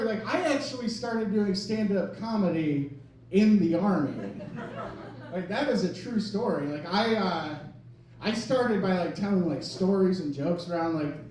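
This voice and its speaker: High in pitch but darkish in tone, a thirty-something man rambles through self-deprecating stand-up at a comedy club. Laughter from the crowd comes through a distant microphone in the echoing room.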